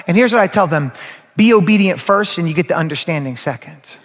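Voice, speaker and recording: A man preaching a sermon as pastor, animated and speaking straight to the congregation. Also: high-pitched, fairly quick. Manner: animated, acts out quoted voices, addresses the crowd directly. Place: church sanctuary. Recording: long reverb of a large hall.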